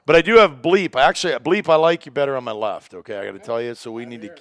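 A man's voice: mid-range voice, fast talker, fairly bright tone, no room sound. A man hosting a podcast in casual chat, joking and rambling as he talks. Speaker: podcast host.

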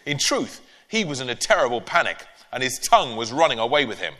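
A man tells a story with a bright, forceful tone and a lively, swooping voice, reading his own book aloud with playful expression. His voice rings in a hall with a long echo. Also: medium pitch, a little fast. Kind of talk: storybook reading, then interview answers. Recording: echoey live hall.

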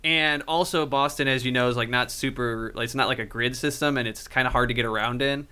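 A man from a Cleveland suburb co-hosting a podcast, telling stories in a chatty, animated way full of fillers. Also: mid-range voice, a little fast, smooth. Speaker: podcast co-host. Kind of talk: casual chat and storytelling.

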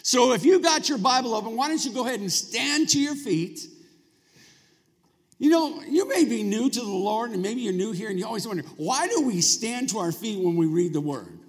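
A man's voice: sits high, animated, moderate pace, breathy edge. A male pastor preaching a sermon in a church, talking conversationally and prompting the congregation to answer back. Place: church sanctuary. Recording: long reverb of a large hall.

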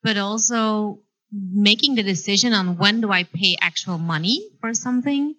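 Thoughtful woman at a panel, bright tone, halting self-searching delivery. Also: medium pitch, rough recording. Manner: reflective, hesitant, self-searching. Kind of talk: live panel discussion.

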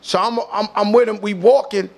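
A man with a New York accent, a guest telling a long story in a casual, animated, slangy way. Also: high voice, a little fast, creaky. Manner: animated, slangy, profane, acts out other people's voices.

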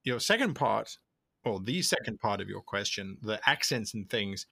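A man being interviewed as a tabletop role-play video creator, explaining at length in an animated way and acting out the thoughts he quotes. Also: fairly low pitch, moderate pace, vocal fry, no room sound, clean studio sound. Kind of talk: conversational interview answers.

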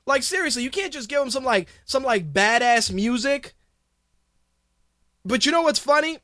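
High-voiced guy ranting on his podcast, swearing a lot, sarcastic, dry close mic. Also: animated, moderate pace, bright, forceful tone, dry recording. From Hispanic background. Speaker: podcast host. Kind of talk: ranting casual commentary.

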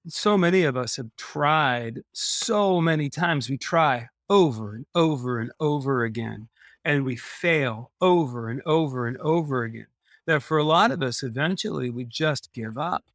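A man's voice: medium pitch, expressive, unhurried, a bit bright, no echo. Earnest man telling his story, dry sound. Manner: earnest, repeats phrases for emphasis. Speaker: podcast guest. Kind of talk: personal storytelling in a conversation.

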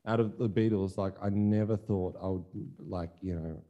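A man's voice: fairly low pitch, steady tone, normal speed, lo-fi sound. A young adult man co-hosting a podcast, speaking candidly and thinking aloud, with lots of "like" and some mild swearing. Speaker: podcast co-host, musician. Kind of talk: casual chat.

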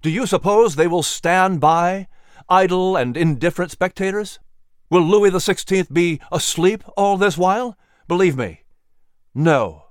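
A man's voice: medium pitch, animated, unhurried, no room sound, clean studio sound, close to an everyday voice. A man voicing a grave colonial orator. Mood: impassioned. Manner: solemn, then impassioned rhetoric.

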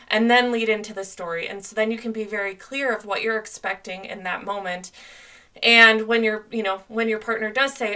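A young woman hosts a solo podcast, giving relationship advice in an earnest, chatty manner full of "like"s. Her mid-range voice keeps a fairly even intonation at a moderate pace, sharp in tone and far from the microphone.

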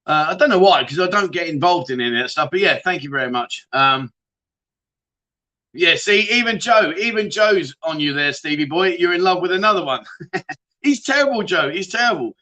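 Chatty, bright-voiced livestream host. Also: male voice, a little high, lively intonation, moderate pace. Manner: chatty and jokey, banters with viewers. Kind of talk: casual livestream chat reading viewer comments.

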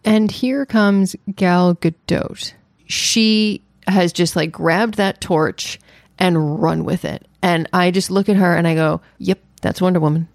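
A woman co-hosting a podcast, chatting in an animated, storytelling way. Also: lowish voice, slow pace, gravelly, dry recording, clean studio sound. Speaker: podcast co-host. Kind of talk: casual chat.

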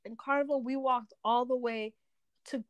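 A high-pitched young woman in casual podcast chat. She jumps in eagerly to add her side of the story and laughs along with her friend. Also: fairly even intonation, normal speed, smooth, no room sound, highs cut off. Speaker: podcast co-host.

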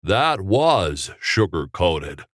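A man's voice: mid-range voice, very animated, a little slow, no echo, studio quality, pitched above the performer's own voice. A man playing a good-humored veteran male film star who speaks with a folksy drawl. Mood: teasing.

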